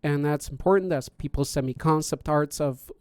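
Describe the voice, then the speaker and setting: A man's voice: fairly high pitch, normal speed, darkish tone, clean tone, no echo, clean studio sound. A man hosting a podcast stream in casual chat, rambling with many fillers and restarts as he explains contest judging. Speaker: podcast host and contest judge.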